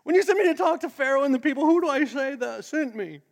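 A man voicing Moses as a nervous, hurried man with a raised voice. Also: extremely high pitch, animated, creaky, voice pushed up, full character voice.

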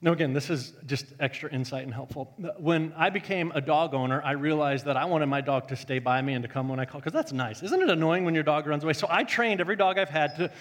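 A male pastor telling a story in a sermon, joking and animated, swinging from loud bursts to hushed tones. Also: fairly high pitch, quick pace, few pauses, big-room sound.

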